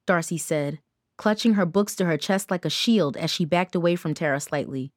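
A woman reading an audiobook with measured, even storytelling narration. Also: deep voice, no echo, clean studio sound. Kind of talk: scripted narration.

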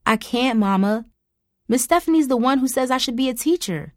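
A woman's voice: on the high side, animated, moderate pace, dry recording, clean studio sound, voice pushed up, close to an everyday voice. A woman voicing a guilty, defensive sixteen-year-old girl who pleads with her mother. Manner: defensive and hesitant.

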